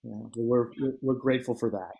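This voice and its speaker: A man's voice: mid-range voice, a little fast, creaky, mellow, husky, rough recording. A man hosting a podcast, asking questions hesitantly while he searches for his words. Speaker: podcast host. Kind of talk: interview questions.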